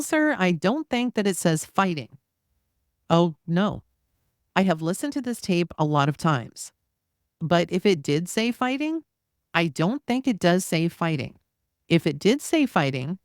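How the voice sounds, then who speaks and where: Woman, podcast host, lowish voice, reads a trial transcript aloud, steady and plain, dry close sound. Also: no echo. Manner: reads both sides of a cross-examination in a plain, steady voice; casual asides with fillers between readings. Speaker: true crime podcast host.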